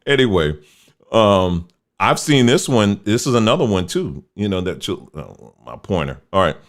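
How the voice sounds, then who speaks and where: Low-voiced man giving casual commentary. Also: big pitch swings, moderate pace. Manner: conversational, folksy, mocks others in quoted voices. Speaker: host. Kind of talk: casual commentary on pictures shown on screen.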